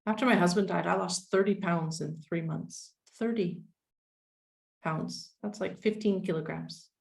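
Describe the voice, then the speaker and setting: A woman in her forties, a guest speaking candidly and wryly in a relaxed conversation. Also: on the low side, measured pace, gravelly. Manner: frank, wry, self-deprecating.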